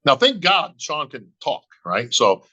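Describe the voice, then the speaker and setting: A man's voice: medium pitch, huge pitch swings, unhurried, bright, forceful tone, highs cut off. A middle-aged man, a bodybuilding emcee, telling a long story on a podcast and acting out both sides of the talk. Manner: acts out both sides of conversations, says "bro" and "right?" constantly.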